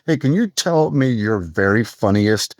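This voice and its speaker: A man co-hosting a podcast in casual chat, chatty and quick to laugh. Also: on the low side, expressive, no echo, clean studio sound. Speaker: podcast co-host.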